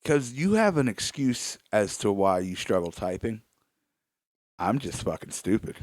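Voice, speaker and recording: A man's voice: lowish voice, unhurried, no echo, clean studio sound. A man hosting a podcast, chatting casually with his guest and joking at his own expense. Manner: joking, animated, self-deprecating. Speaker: podcast host.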